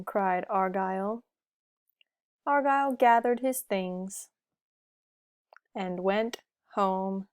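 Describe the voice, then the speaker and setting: A woman reading a picture book aloud to children, gentle and asking the listener questions. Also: medium pitch, drawn-out words, pauses often, clean tone, dry recording, clean studio sound. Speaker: storybook reader.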